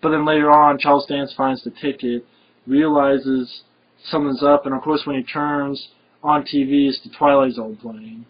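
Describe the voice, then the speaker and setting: A man's voice: mid-range voice, fairly even intonation, moderate pace, breathy edge. A man talking casually and enthusiastically about an action movie he loves, rambling with many fillers. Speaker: film reviewer. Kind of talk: casual film review chat. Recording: dull lo-fi recording.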